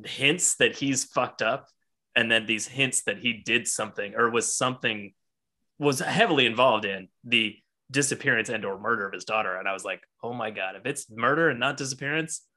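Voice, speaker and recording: Excited, bright-voiced man. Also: medium pitch, normal speed. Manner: excited, heavy swearing, acts out characters' lines. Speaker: podcast co-host. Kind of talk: casual comic book discussion.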